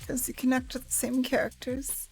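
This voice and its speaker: A woman co-hosting a visual novel stream, chatting casually, quick to laugh and reflective. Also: sits high, monotone, slight background noise, low-quality recording. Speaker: co-host playing a visual novel. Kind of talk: casual chat on a game stream.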